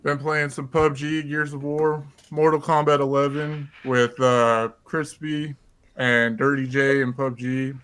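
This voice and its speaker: A man's voice: mid-range voice, level tone, unhurried, a bit bright, smooth. Hesitant man on a gaming podcast. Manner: hesitant, a little embarrassed. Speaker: podcast panelist. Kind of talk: casual group chat on a gaming podcast.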